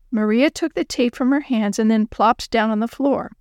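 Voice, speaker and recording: A woman's voice: on the high side, normal speed, hardly any pauses, no echo, clean studio sound. Woman reading a children's story. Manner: clear, expressive storyteller. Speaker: narrator.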